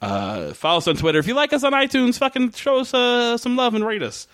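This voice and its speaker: Podcast host guy, bright sharp voice, swears a lot, keeps saying yeah yeah yeah. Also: very high voice, very animated. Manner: profane, agreeable, lots of quick "yeah yeah" backchannels. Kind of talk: casual chat.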